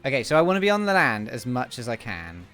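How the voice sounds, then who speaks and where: A man playing through a platform game live with friends, his voice swinging high and low as he reacts. He gets excitable, laughs easily and curses when things go wrong. Faint music sits behind him. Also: quick pace. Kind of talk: casual let's-play chat.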